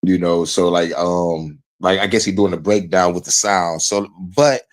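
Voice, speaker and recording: Low-voiced male streamer, loose and filler-heavy, reacts to a clip. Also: measured pace. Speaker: streamer watching a video. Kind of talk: casual live-stream commentary.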